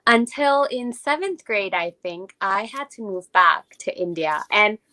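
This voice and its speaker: A woman's voice: mid-range voice, animated, measured pace, sharp tone. A young woman raised in Japan, speaking with an American accent, telling a personal story as an interview guest and reflecting aloud with many fillers.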